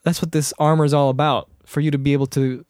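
A man in casual conversation, eagerly retelling movie scenes and throwing in quick impressions and sound effects. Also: a little high, flat delivery, a little mellow, no room sound, clean studio sound.

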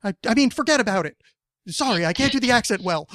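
A man voicing a pushy mobster lawyer in a clumsy put-on New Jersey accent, loud and full of stiff legal words. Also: expressive, fast talker, no room sound, studio quality. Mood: menacing, mock-formal. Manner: loud, high-pitched, clumsy wordy legalese.

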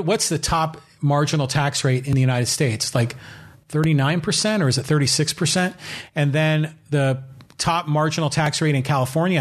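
Guy doing his solo podcast, a bit high voiced, rambly and opinionated, lots of ums. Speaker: podcast host.

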